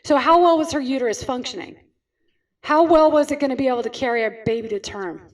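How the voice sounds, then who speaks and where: A woman from California with a high voice, speaking as a chiropractor to a group. She tells stories and asks questions she then answers, checking in often with "right?". She is heard from some distance off the mic. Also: quick pace. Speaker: chiropractor giving a talk. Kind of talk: storytelling talk to an audience.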